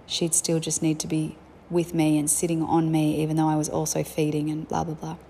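A young mother recounts family life candidly and reflectively, keeping it casual and chatty. Her low, gravelly, mellow voice runs fairly quick with an entirely flat delivery, and there's a bit of hiss or hum.

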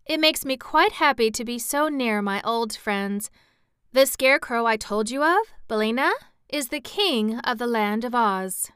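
An earnest little girl in a storybook, eager and insistent, as a woman reader puts her on. The voice sits higher and brighter than the reader's own, smooth and resonant, unhurried, recorded dry and close. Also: animated, no echo.

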